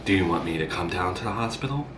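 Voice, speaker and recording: A man's voice: low voice, animated, quick pace, a bit bright, reverberant, recorded from a distance, a little hiss or hum, voice pushed down. A man voicing a fussy, worried older mother who lectures her grown son about germs and doctors. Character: nagging, meddling older mother.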